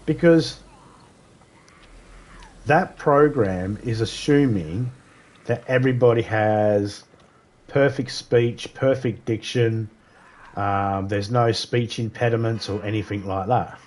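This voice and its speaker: Streaming a video game live, a man chats casually with slightly slurred speech, rambling through stories and laughing often. His voice is lowish and darkish, slow, with long pauses.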